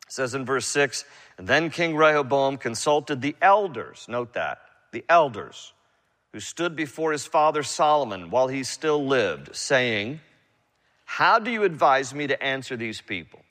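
A man's voice: mid-range voice, animated, a little slow, fairly bright tone. A man preaching an expository sermon, reading scripture and retelling it in casual, slangy paraphrase for his congregation. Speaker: pastor. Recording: long hall reverb.

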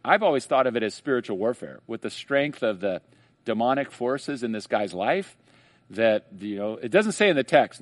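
A man preaching a sermon in a conversational way, slowing down and rising for emphasis on key phrases. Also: mid-range voice, no room sound. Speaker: pastor.

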